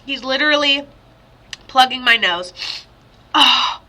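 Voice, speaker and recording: A woman psychic medium giving a chatty, rambling spirit reading over a video call, with sudden excited outbursts. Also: fairly high pitch, normal speed.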